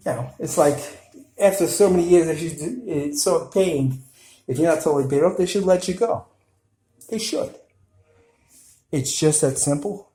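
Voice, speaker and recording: A man's voice: fairly high pitch, mellow, roomy sound, rough recording. A man with a New York Italian accent, ranting to viewers in blunt, scolding commentary. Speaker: video commentator.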